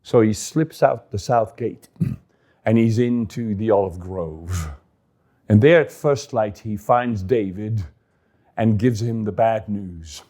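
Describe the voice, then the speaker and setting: A man's voice: fairly low pitch, slow, mellow. A man casually retelling a scripture story with explanatory asides.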